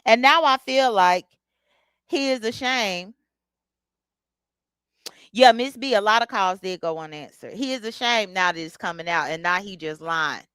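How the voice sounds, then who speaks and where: A woman's voice: mid-range voice, a little slow, long pauses, a bit bright, smooth, dry recording. A woman hosting a casual livestream, talking bluntly with features and greeting chat viewers by name. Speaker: livestream host. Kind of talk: casual live commentary.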